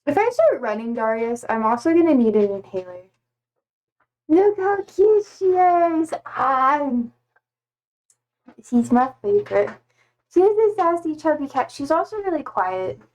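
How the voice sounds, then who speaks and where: Young woman, casual streamer, high bright-pitched and unhurried, bubbly and gushing. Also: big pitch swings, rough recording. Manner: bubbly, gushing over her cats with baby talk. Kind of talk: casual live-stream chat.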